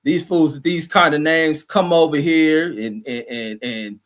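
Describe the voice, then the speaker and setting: High-voiced man ranting, heavy slang. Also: a little slow. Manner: loud, combative, heavy cursing, stumbles over names. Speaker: show host. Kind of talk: profane live-stream rant.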